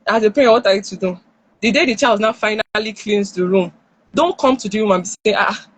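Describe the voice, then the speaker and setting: Speaking a little fast in a husky, mid-range voice, a woman with a Nigerian accent gives parenting advice on a live stream, animatedly acting out what parents and children say. The recording is low quality, made on a phone or headset.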